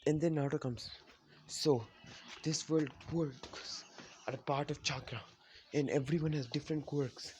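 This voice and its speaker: A man's voice: fairly high pitch, darkish tone, slight background noise. Rambling young man telling fan fiction. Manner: rambling, self-correcting. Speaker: storyteller. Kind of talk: casual fan-fiction storytelling.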